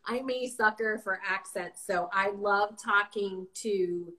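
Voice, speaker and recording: A woman's voice: mid-range voice, takes it slowly, pushed and bright. A woman hosting a live video chat, with a mixed American accent touched by the South, chatty and bubbly with lots of fillers. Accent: mixed American with some Southern. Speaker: host. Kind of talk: casual chat on a livestream.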